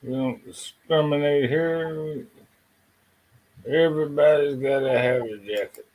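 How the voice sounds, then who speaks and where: A man's voice: on the high side, measured pace, darkish tone, low-quality recording. A man hosting a casual chat, folksy and self-deprecating, with casual swearing.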